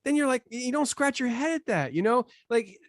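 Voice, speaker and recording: A man chatting as a podcast guest, animated and laughing, his voice jumping high when he gets riled up. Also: brisk, dry recording, clean studio sound. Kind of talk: casual podcast chat.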